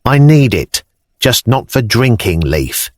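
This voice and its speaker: A male narrator voicing a sharp-tongued young woman healer who gives brisk commands in an audiobook. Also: mid-range voice, sing-song, no echo, studio quality. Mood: bossy.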